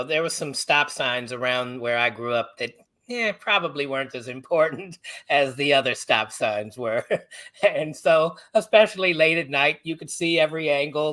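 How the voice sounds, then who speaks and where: A middle-aged man, an author from the United States, guest on a podcast, telling personal stories in an animated, halting way. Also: mid-range voice. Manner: animated, halting, acts out others' voices. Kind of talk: personal storytelling in a podcast interview.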